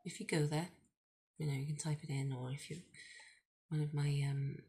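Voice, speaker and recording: A middle-aged woman teaching a language lesson at a whiteboard, explaining slowly with many fillers. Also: deep voice, flat delivery, warm tone.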